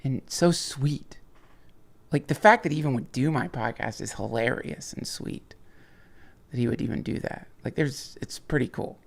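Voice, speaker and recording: A man's voice: medium pitch, moderate pace, vocal fry. A man hosting a livestream, rambling casually and profanely with lots of restarts and chuckles while reading viewer chats.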